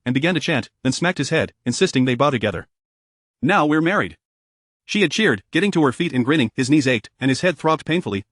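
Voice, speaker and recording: A man reading a romance story aloud as narrator, in a steady, even voice. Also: mid-range voice, no room sound, clean studio sound.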